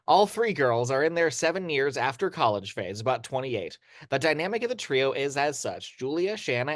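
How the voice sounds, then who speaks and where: A man narrating screenplay action lines in an amateur audio drama, steady but with occasional stumbles and restarts. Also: medium pitch, no echo, clean studio sound.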